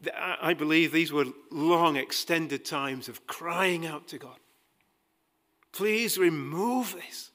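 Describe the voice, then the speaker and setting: Guy preaching slow and deliberate, bright forceful tone, sermon style, gets loud then soft. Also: a little high, fairly even intonation. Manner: emphatic, builds to loud pleading passages, then drops quiet; acts out quoted dialogue with dry humor.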